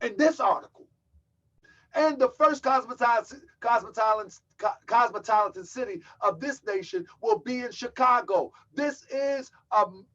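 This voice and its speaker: A man giving emphatic preaching commentary as a religious teacher, slowing down and repeating lines for stress. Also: extremely high pitch, fairly bright tone. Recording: dull lo-fi audio.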